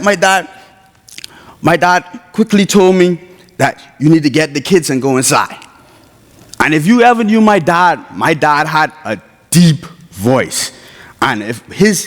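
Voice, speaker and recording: A young man with a Bahamian accent tells a personal story before a chapel audience, slipping into the voices of the people in it. His voice sits a little high for a man. It rings with the long reverb of a large hall. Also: a bit bright. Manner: storytelling, acts out quoted voices, informal grammar. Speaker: chapel speaker. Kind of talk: personal testimony speech. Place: college chapel.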